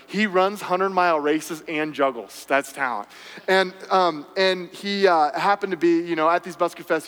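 A man with a high voice tells animated stories to a live crowd, tossing in quick tag questions and fillers as he goes. His voice rings with the long reverb of a big hall. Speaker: speaker addressing a live audience. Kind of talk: storytelling talk to an audience.

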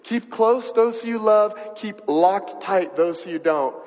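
A man's voice: high-pitched, lively intonation, unhurried, a little mellow, long reverb tail. A man preaching a sermon and telling a personal story in a conversational way, often asking his listeners questions. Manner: conversational, asks the audience questions. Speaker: pastor.

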